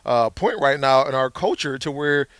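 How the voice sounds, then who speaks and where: A man in his thirties co-hosting a casual sports podcast, telling stories with lively quoted voices. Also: mid-range voice, moderate pace, clean tone, no room sound, studio quality. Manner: animated storyteller, acts out quotes. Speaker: podcast co-host.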